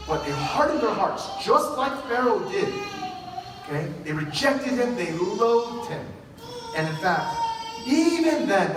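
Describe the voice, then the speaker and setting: A man preaching a sermon as pastor, telling stories with quoted dialogue in an animated way. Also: high voice, a little hiss or hum. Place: church sanctuary. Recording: echoey church hall from a distant mic.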